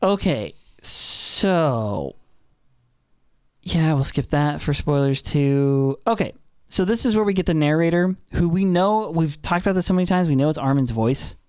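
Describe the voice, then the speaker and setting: Animated young man recapping anime. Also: a little high, a little slow, clear, resonant tone, dry recording, studio quality. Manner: animated, lots of fillers and restarts. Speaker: podcast co-host. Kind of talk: casual podcast recap.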